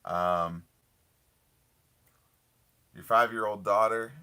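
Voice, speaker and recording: A man's voice: fairly low pitch, steady tone, very slow, bright, forceful tone, clear, resonant tone. A young man live streaming from his parked car at night, chatting casually with viewers in an enthusiastic, rambling way full of fillers and repeats. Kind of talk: casual live stream chat reading comments.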